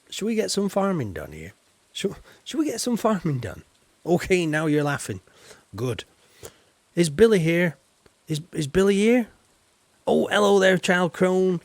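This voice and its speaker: A man's voice: high voice, sing-song, a little slow, pauses often, no echo. A man hosting a live game stream, chatting casually and rambling with lots of fillers and restarts while teasing his viewers. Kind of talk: casual live-stream chat over gameplay.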